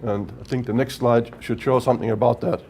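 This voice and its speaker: A man's voice: mid-range voice, steady tone, brisk, a little mellow, slight background noise. A man giving a workshop lecture on project management, explaining step by step and often checking with "right?". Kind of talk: technical lecture at whiteboard.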